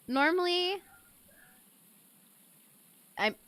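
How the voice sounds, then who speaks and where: A woman's voice: extremely high pitch, expressive, extremely slow, a bit bright, no room sound. A woman streaming a game and chatting casually, giggly and swearing offhand. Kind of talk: casual gameplay chat.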